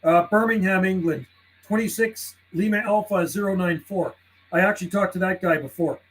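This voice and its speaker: A man live-streaming from his home radio desk, chatting casually with viewers and calling out to other radio stations in a relaxed, friendly way. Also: high-pitched, normal speed, rough recording. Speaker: CB radio livestreamer. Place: warm house indoors.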